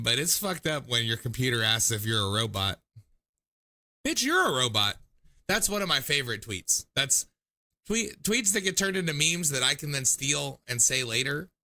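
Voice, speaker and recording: Male stream host, tipsy and loose, profane rambling chat, sharp bright tone. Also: mid-range voice, lively intonation, moderate pace. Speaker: livestream call-in show host. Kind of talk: casual livestream chat.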